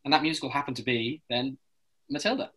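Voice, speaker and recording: A man from London with a British accent, a guest chatting casually and telling rambling, lively anecdotes with tangents. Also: mid-range voice, fast, rough recording. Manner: lively storyteller who acts out other people's voices in his anecdotes; rambling, with frequent restarts and tangents. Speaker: guest, musical theatre actor.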